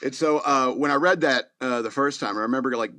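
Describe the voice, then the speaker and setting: A man's voice: medium pitch, brisk, sharp tone. A man in his fifties hosting a podcast, rambling through a casual story with chuckles and fillers. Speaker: podcast host.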